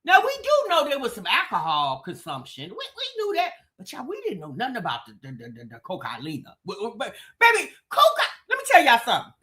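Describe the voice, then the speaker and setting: Lively high-voiced woman hosting gossip talk. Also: fairly quick, few pauses. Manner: animated, talks straight to the chat with "baby" and "child". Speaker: commentary show host. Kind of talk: gossip commentary livestream.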